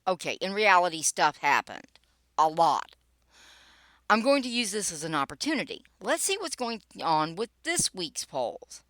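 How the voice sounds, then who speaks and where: A woman's voice: fairly low pitch, big pitch swings, moderate pace, fairly bright tone, no room sound. An older woman reading her own political blog post aloud, wry and sarcastic, with dry asides. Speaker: political blogger and podcaster.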